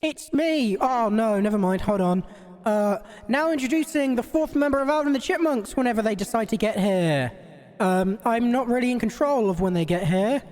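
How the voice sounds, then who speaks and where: A woman's voice: a little high, expressive, moderate pace, darkish tone, no echo, studio quality. A woman with a Scouse accent streaming a game live, chatty and sweary, laughing at herself.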